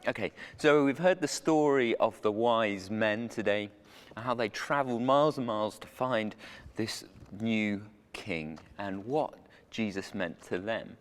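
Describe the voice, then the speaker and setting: A man's voice: on the low side, a little slow. A man hosting a comic chat segment on a church children's show with jokey, showman-like banter. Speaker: host. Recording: reverberant church hall.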